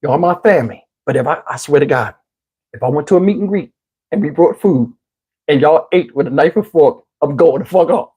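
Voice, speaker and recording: A man telling a story in a casual, animated way, swearing freely and acting out what people said. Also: on the high side, brisk, breathy edge. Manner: animated, profane, acts out quotes. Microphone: wireless lapel mic.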